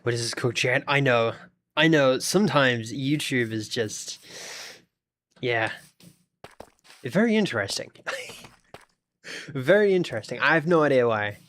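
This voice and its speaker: Australian male streamer, mid-pitched, rambling and chatty, talks to chat as he tinkers. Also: expressive, unhurried, pauses often, fairly bright tone, slight background noise. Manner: chatty, thinks aloud, talks to chat while fiddling with the game. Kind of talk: casual live-stream chat.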